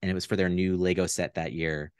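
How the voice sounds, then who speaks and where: A man, a puppeteer, chatting casually as an interview guest in a relaxed, rambling way over a video call. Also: low-pitched, quick pace, clean tone, no echo, clean studio sound. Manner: relaxed, rambling, many fillers. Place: home room via video call.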